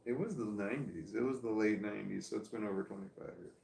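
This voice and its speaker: Gravelly, rambling middle-aged man. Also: fairly low pitch, fast, darkish tone, reverberant, a little hiss or hum. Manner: rambling, self-mocking, laughs often. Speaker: livestreamer reading chat. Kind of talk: casual rambling livestream chat. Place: room at home, seated in armchair. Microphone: phone.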